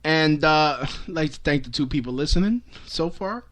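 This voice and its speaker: A young vlogger with a high-ish, fairly bright voice, lively intonation, and a moderate pace rants to camera in a profane comic style. He rambles, swears often, and keeps restarting and laughing.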